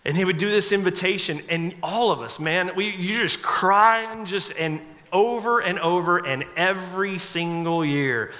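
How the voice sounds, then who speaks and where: A man's voice: high voice, a little slow, few pauses, bright, forceful tone. A man in his forties, a pastor preaching a sermon in a conversational, humorous storytelling way. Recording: long reverb of a church hall.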